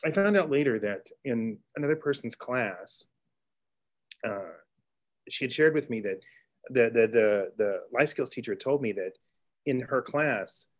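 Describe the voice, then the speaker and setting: A middle-aged man from Texas, a teacher telling a classroom story in an interview, earnest, with restarts and excited bursts. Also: medium pitch, unhurried. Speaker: teacher and author guest. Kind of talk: storytelling in conversation.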